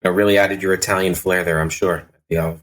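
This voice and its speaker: A man in his forties hosting a podcast, chatting casually and tossing in jokes and quick asides. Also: sits low, level tone. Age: 40s. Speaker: podcast host. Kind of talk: casual chat.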